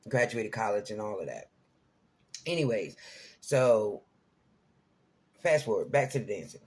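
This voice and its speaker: Husky man telling a personal story. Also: on the low side, big pitch swings, a little slow, a little mellow. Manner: rambling, conversational, checks in with listeners often. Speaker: vlogger. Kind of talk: casual storytelling to camera.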